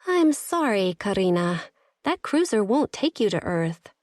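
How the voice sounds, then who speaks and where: A woman's voice: medium pitch, big pitch swings, unhurried, darkish tone, no room sound, studio quality, pitched above the performer's own voice. A woman narrator voicing a determined alien woman giving clipped, commanding instructions over a comm link. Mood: firm.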